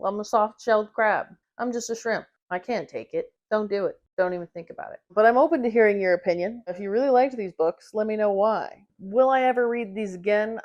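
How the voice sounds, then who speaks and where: A woman's voice: mid-range voice, dull audio. A young woman giving a casual, opinionated book review to camera, sarcastic and swearing freely, often mocking characters in exaggerated voices. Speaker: book vlogger.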